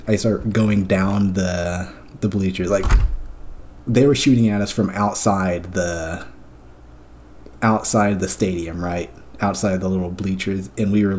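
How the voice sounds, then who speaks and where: A man's voice: low-pitched, darkish tone, slight background noise. A man streamer in casual chat, recounting a dream in a profane, rambling way with lots of fillers.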